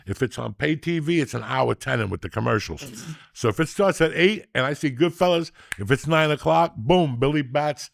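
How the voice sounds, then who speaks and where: A man in his sixties hosting a podcast, telling stories casually in a profane, rowdy way that gets loud when he is excited. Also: a little high, normal speed, no room sound, clean studio sound. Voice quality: gravelly. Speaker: podcast host.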